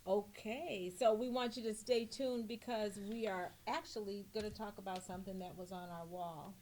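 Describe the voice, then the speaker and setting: A woman's voice: mid-range voice, moderate pace, a little hiss or hum. A woman hosting a live talk show from a small community TV studio, her voice sitting in an ordinary middle register. She chats easily, laughs often and keeps things moving with viewers. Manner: lively, laughing, chatty. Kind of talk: casual live TV chat.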